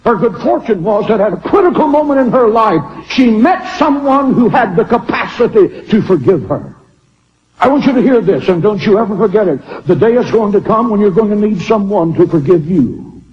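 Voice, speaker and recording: A man preaching a sermon, swinging from shouted lines to hushed ones as he tells a story. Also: high-pitched, animated, normal speed, in a large hall, muffled recording, a little hiss or hum.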